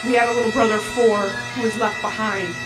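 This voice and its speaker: A woman giving personal testimony in a measured, halting way. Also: fairly high pitch, steady tone, over loud music, low-quality recording.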